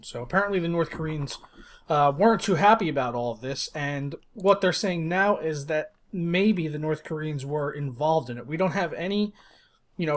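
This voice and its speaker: An American man hosting a casual podcast, joking and laid-back as he chats. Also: a little high. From United States. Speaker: podcast host.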